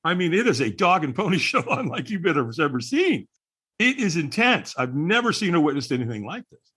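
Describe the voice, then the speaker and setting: A man's voice: a little high, very animated, fairly quick, a bit bright, husky. A man who is a podcast guest, telling a story with lots of energy and acting out the people he quotes. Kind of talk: animated storytelling.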